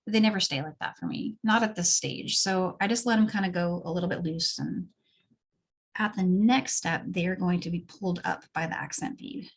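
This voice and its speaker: This beadweaving teacher speaks at a normal pace in a voice on the low side. She runs a step-by-step craft tutorial, relaxed and chatty, talking through what she's doing as she goes.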